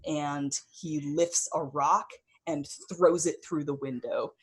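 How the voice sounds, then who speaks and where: A woman with a low voice runs a tabletop game, describing the action scene by scene. She keeps an easy, unhurried manner and fills pauses with soft ums. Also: husky. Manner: relaxed, with frequent ums. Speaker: game master.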